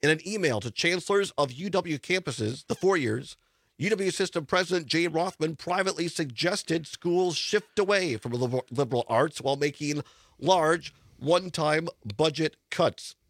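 A man's voice: fairly high pitch, moderate pace, fairly bright tone, no room sound. A middle-aged man with a congested, stuffy voice hosting a radio talk show from a studio, chatting and reading news quotes aloud with emphasis. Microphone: studio broadcast microphone.

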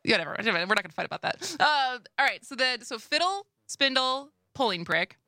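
A chatty woman with a Wisconsin accent co-hosts a radio talk show, loose and playful, laughing easily. Her voice is bright and forward. The studio sound is dry and close. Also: high voice, big pitch swings, brisk, no echo. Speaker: radio co-host. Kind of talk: casual radio chat.

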